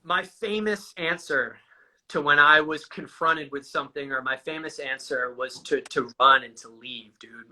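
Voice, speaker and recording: A man's voice: on the high side, pushed and bright, poor audio. A man telling his own story in casual, profane talk, calling his listener "dude" again and again. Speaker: guest sharing a recovery story. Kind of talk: candid conversational storytelling.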